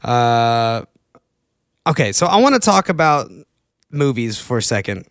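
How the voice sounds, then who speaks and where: A man's voice: mid-range voice, unhurried, dry recording. Rambling young man, dry and close. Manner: rambling, animated, swings between mumbled asides and excited outbursts. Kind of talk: casual solo chat.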